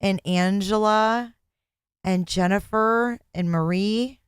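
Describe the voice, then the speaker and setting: A woman's voice: mid-range voice, slow, clean tone, dry recording, studio quality. A middle-aged woman hosting a casual livestream from home, chatting and thanking her viewers by name, speaking into a desk mic. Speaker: livestream host.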